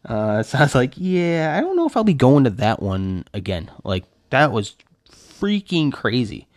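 A man chats alone on his podcast, loose and rambling, piling up filler words as he tells a story. His voice sits in a middle pitch. The sound is dry, with no room echo. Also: huge pitch swings, normal speed. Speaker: podcast host. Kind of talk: casual solo podcast chat.

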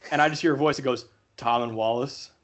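Speaking fast at a medium pitch, a young man co-hosting a podcast relates a story in a casual way. He's animated, voicing the characters he quotes.

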